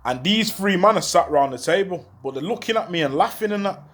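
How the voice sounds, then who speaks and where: A man's voice: high voice, brisk. Young man telling a street story. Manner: street slang, animated retelling with quoted voices. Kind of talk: storytelling monologue.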